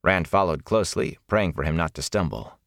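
A man narrating a fantasy novel as an audiobook, measured and expressive. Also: deep voice, gravelly, dry recording, clean studio sound.

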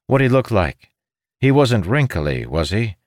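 A man's voice: on the low side, very animated, measured pace, no echo, studio quality, pitched above the performer's own voice. Man doing a cocky young hero. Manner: defiant, flippant.

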